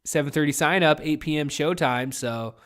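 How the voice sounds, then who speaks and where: Getting over a head cold, a young podcast host chats on his own in a casual, meandering way, cursing nonstop. His voice sits a little high, and he keeps a moderate pace.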